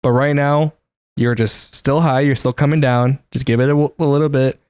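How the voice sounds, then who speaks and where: A young man recounting a story in a blunt, matter-of-fact way, with casual swearing. His mid-pitched voice sounds dry and close, with no room around it. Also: steady tone, moderate pace, a little mellow, clear, resonant tone, no echo. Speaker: podcast co-host. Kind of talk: casual podcast chat.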